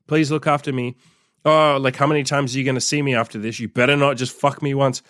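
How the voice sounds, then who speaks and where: A man's voice: mid-range voice, little pitch movement, fast, a bit bright, no echo, studio quality, lightly acted. A man voicing a pushy woman who acts falsely shy and clingy, in a mocking, whiny pleading tone.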